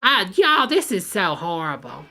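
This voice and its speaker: A woman's voice: on the low side, big pitch swings, a little slow, pushed and bright, faint music behind. A woman hosting a live reaction stream, sassy and exclaiming, calling her viewers honey and y'all. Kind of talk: casual live commentary.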